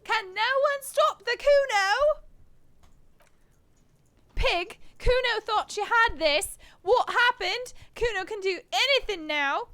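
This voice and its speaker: A woman voicing a taunting, bratty young boy in a game, screeching and yelling at high volume. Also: lively intonation, slow pace, no room sound, heavily acted.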